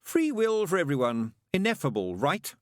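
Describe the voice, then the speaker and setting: A man voicing a sly, flippant male demon with a quick, mocking, petulant manner, raised well above his own voice. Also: on the high side, big pitch swings, no room sound, studio quality, pitched above the performer's own voice.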